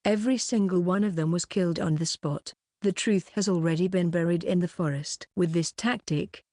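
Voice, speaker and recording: A woman narrating a fantasy audiobook in a steady, even reading voice. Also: fairly low pitch, dry recording, clean studio sound.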